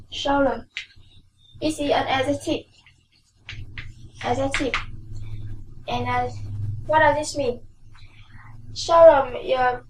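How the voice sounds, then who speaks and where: Woman, Vietnamese accent, English teacher, slow word drills, distant mic, faint noise. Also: high-pitched, roomy sound. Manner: slow, drilling words with repeated pronunciation. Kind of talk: classroom vocabulary lesson. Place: classroom.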